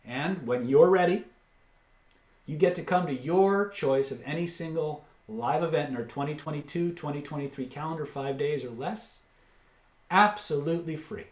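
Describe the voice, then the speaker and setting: A man hosting a live webinar, pitching course packages, reading out prices and answering chat questions with blunt asides. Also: moderate pace, reverberant. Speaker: webinar host and seller.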